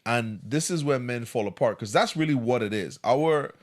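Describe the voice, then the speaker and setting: A man co-hosting a casual podcast discussion, animated and acting out quoted lines as he tells stories. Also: medium pitch, normal speed. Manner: animated storyteller, acts out quotes. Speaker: co-host.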